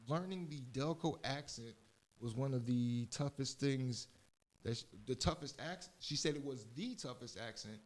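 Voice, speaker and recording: A man's voice: mid-range voice, moderate pace. Chatty Philadelphia-area man on talk radio. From southeastern Pennsylvania. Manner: rambling, chatty, self-correcting. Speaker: radio show host. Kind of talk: casual talk radio chat.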